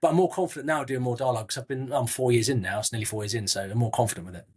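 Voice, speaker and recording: A man's voice: medium pitch, rapid-fire, darkish tone, breathy edge. A middle-aged man from Southwest England, an actor and guest in an interview, talking in a chatty way with frequent restarts and friendly asides. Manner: chatty, frequent restarts, calls people mate. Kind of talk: casual interview chat.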